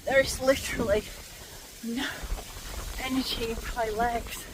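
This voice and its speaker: A vlogger in her forties talks to camera on a handheld phone while climbing a windy hillside, her voice a little high and animated. Out of breath, she is chatty and candid, pausing to sigh and catch her breath. Wind noise hits the phone mic outdoors.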